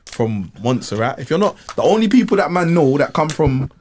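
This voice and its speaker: Animated man in podcast banter. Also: fairly high pitch, a little fast, a little hiss or hum. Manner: animated, repetitive slangy banter. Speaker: co-host. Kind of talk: casual podcast chat.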